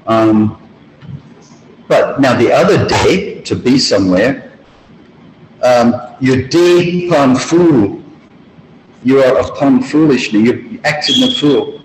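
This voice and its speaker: A man teaching a language lesson, explaining grammar slowly and repeating example phrases. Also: medium pitch, slight background noise. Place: school room or video call. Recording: roomy hall with faint ambience.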